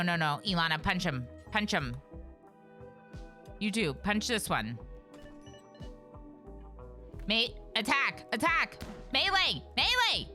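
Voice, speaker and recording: Lively bright-voiced woman streaming a game. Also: on the low side. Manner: chatty, reacts aloud to the game and greets chat. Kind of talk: live game stream chat.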